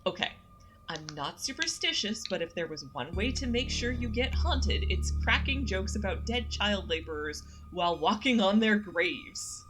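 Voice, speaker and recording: A woman's voice: mid-range voice, big pitch swings, moderate pace, a bit bright, soft background music. Woman doing a panicky, jumpy young woman. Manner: nervous, panicky, exasperated.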